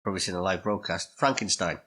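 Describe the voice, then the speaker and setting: A man's voice: low voice, quick pace, pushed and bright. A man co-hosting a podcast, chatting agreeably and asking the others questions. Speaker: podcast co-host. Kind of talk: casual chat.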